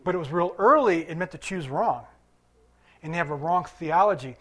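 Casting: high-voiced male pastor, chatty preaching with asides. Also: lively intonation, normal speed, fairly bright tone. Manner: conversational preaching with asides and chuckles. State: limping after surgery. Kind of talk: sermon.

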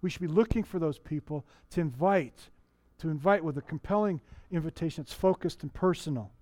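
This middle-aged pastor gives a chatty sermon in church, posing questions to the congregation and restarting sentences often. His fairly high voice is brisk and a little mellow, captured in a dry recording.

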